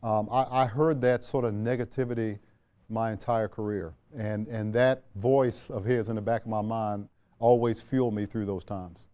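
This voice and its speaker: A man from Washington, D.C., a retired general as interview guest, telling a reflective story with unhurried pauses and frequent fillers. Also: fairly low pitch, steady tone, mellow, smooth.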